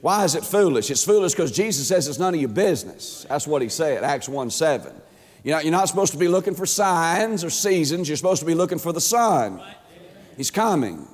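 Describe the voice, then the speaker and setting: A man preaching an emphatic sermon as a pastor, stretching words and swinging his pitch up and down. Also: very animated, fairly quick. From Georgia, USA. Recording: long hall reverb.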